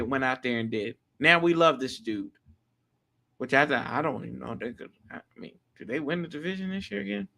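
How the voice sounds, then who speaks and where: A man hosting a live stream, chatting casually and reading viewer comments in a slangy, animated way. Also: creaky. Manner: animated, slangy, jumps pitch often. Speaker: livestream host.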